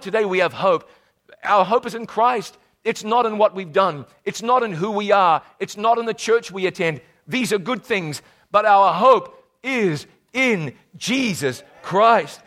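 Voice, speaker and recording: A middle-aged male pastor preaching a sermon, moving from quiet storytelling to loud, emphatic declarations. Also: high-pitched.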